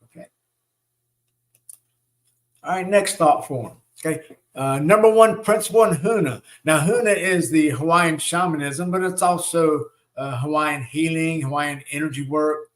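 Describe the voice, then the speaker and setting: A man's voice: on the high side, measured pace, a bit bright. A middle-aged man with a Southern US accent, hosting a live-stream teaching and talking in a folksy, rambling way with many fillers. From Southern United States. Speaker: spiritual teacher and show host.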